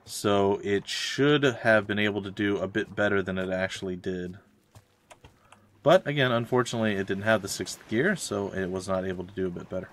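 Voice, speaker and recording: Rambling low-voiced gamer. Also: male voice, moderate pace. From Florida, USA. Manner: rambling, ranting asides. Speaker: let's play streamer. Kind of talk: casual gameplay chat.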